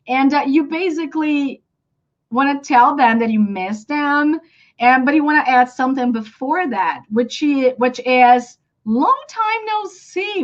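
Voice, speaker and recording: A woman with a Brazilian Portuguese accent, a native Portuguese speaker, teaching a live online English lesson and acting out example phrases. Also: dull audio. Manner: animated, acts out example phrases with big pitch jumps.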